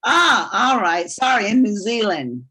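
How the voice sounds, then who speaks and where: A woman speaking in an earnest, deliberate, preacherly way in a live online business presentation. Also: mid-range voice, very animated, sharp tone, husky.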